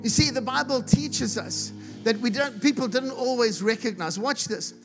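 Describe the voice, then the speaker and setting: A man from South Africa preaching a sermon with passion, building to shouts and repeating himself as he retells a story. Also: extremely high pitch, normal speed. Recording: music playing behind the voice.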